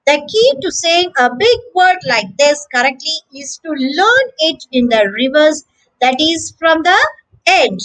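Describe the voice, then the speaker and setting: Female teacher for a kids' pronunciation lesson: animated, sing-song delivery, breaks words into syllables. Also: sits high, measured pace, poor audio. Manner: syllable-by-syllable, encouraging, addresses children. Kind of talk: slow drilled pronunciation lesson.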